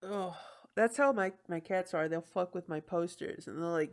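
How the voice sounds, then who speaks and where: A woman's voice: lowish voice, normal speed. A woman hosting a podcast, chatting casually, laughing often and swearing freely. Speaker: podcast host. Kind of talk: casual chat.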